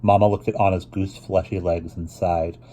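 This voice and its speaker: A man reading a children's novel aloud, unhurried, with occasional restarts. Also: sits low, level tone, warm tone, a little hiss or hum. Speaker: reader.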